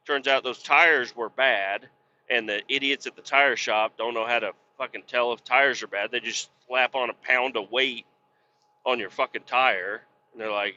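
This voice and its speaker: A man's voice: medium pitch, measured pace, sharp tone, dull audio. A man hosting a podcast, telling a rambling, profane story in casual chat and getting worked up as he acts out arguments. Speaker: podcast host.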